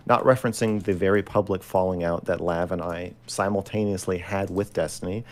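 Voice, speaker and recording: A man in an online debate who presses hard with repeated questions and sometimes raises his voice. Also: deep voice.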